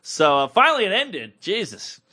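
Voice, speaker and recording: A man in his thirties, co-hosting a comedy podcast, rattles through a story in a high, bright voice. His pitch jumps around a lot, and he keeps slipping into squeaky impressions of the people in the story. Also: moderate pace. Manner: animated, acts out other people's voices in high falsetto. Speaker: podcast co-host.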